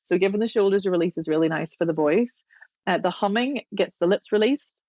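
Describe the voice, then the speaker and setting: A woman's voice: medium pitch, darkish tone, no echo. Chatty woman voice coach, dull dry sound. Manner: chatty, demonstrative, often slows to explain. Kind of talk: podcast interview, guest explaining.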